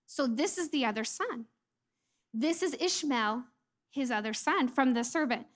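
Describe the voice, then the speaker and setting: A woman who is a mother preaches a church sermon in a high, bright voice, a little slowly. Her delivery is lively and expressive, acting out quoted lines and sometimes sinking into a soft, breathy near-whisper for emphasis.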